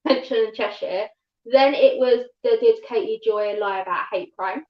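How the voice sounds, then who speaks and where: A woman with a thick southern English accent talks fast and rambles, doubling back on her words. Her voice sits a little high. The sound is echoey and dull, like a room captured on a livestream. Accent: southern English, London-tinged. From England, north of London. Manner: fast-talking, rambling with restarts. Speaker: livestream guest. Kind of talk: casual chat.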